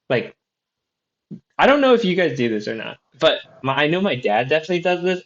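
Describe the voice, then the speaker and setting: A man's voice: medium pitch, a bit bright. A man co-hosting a casual podcast chat, rambling with lots of fillers and restarts. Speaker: podcast co-host. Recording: dull lo-fi audio.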